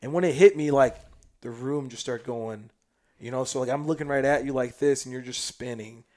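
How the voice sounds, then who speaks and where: A man from South Sudan, a podcast guest telling a story in casual chat. He is animated and slangy, and swings between loud bursts and hushed asides. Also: medium pitch, fairly quick.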